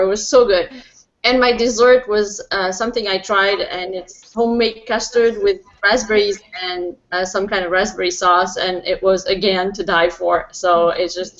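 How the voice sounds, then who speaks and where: A woman's voice: mid-range voice, fairly bright tone, lo-fi sound. Enthusiastic woman on a video call. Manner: enthusiastic, rambling. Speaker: participant. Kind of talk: casual chat.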